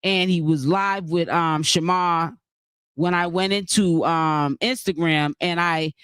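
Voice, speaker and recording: A casual live-stream commentator rambles through points at a middle pitch, slowly and with a steady, smooth, slightly bright tone, full of fillers and restarts. The host keeps breaking off to thank and greet chat viewers by name. The sound is close and dry, with no room around it.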